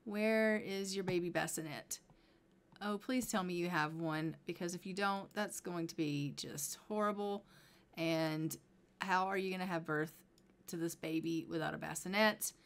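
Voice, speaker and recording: A woman's voice: on the low side, unhurried. A woman casually commenting on her life-sim gameplay, chatting to her characters as she plays. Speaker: gameplay streamer.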